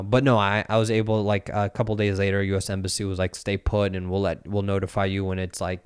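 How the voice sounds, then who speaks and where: A man in his thirties hosting a podcast has a low-sitting, clear voice with a resonant tone. Chatting casually, he tells a story in an animated way, acting out the voices of the people he quotes and swearing at times.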